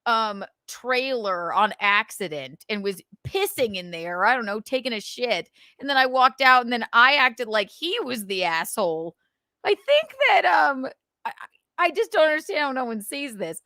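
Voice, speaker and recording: A woman hosting a casual live stream, animated and swearing as she acts out scenes. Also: fairly high pitch, no echo, clean studio sound. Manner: animated, swearing, acting out scenes with quick voices. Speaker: podcast host.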